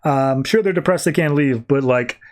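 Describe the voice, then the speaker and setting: A petulant supervillain genius who sulks and sneers at everyone, as a man reads him out. He talks in a fairly high, whiny tone, dismissive and casually rude. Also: normal speed, darkish tone, close to an everyday voice.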